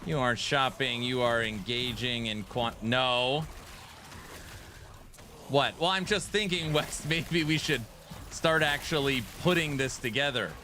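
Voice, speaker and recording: A man's voice: mid-range voice, measured pace, bright, forceful tone, a little hiss or hum. A man streaming a video game, bantering playfully and defensively with his chat. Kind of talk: casual gaming stream chat.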